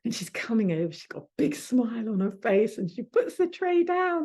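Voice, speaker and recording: A middle-aged woman, an astrology teacher, telling a personal story with vivid sensory detail and soft asides. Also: on the high side, sing-song, a little fast, hardly any pauses, slightly rough.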